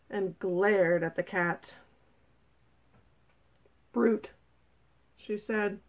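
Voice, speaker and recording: A woman reading a children's picture book aloud in a gentle, expressive, unhurried way. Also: medium pitch, muffled recording. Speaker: storybook reader.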